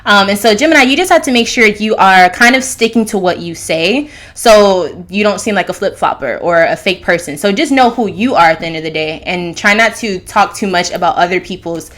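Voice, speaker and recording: A woman's voice: medium pitch, expressive, a little fast, hardly any pauses, a bit bright. A woman hosting her own astrology channel, talking casually and loosely, jumping between thoughts. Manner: loose, rambling, fillers and restarts. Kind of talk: casual monologue.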